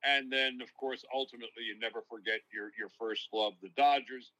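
Older New broadcaster, bright and forward, spins long reflective stories as an interview guest. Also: male voice, medium pitch, fairly even intonation, brisk, low-quality recording. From New York. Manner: long-winded, reflective storytelling. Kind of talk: casual interview, storytelling.

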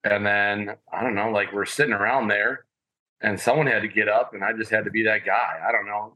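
A man on a podcast telling stories about his college sports days in a rambling, animated way with lots of fillers. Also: on the low side, fairly quick, rough recording. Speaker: podcast guest, former college walk-on athlete. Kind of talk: casual storytelling.

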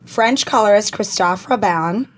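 A woman's voice: medium pitch, a little slow. A woman co-hosting a podcast in casual chat, bubbly and gushing with enthusiasm. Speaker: podcast co-host.

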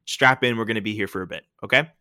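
A man's voice: on the low side, fast, bright, forceful tone, clean tone, no room sound, clean studio sound. A man hosting a casual sports talk show, explaining his points emphatically and often checking in with "right?".

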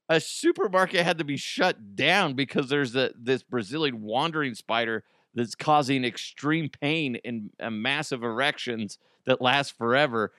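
A man's voice: mid-range voice, bright, forceful tone, no room sound, studio quality. A man in his thirties, a podcast host, telling stories in a casual, joking monologue and laughing often.

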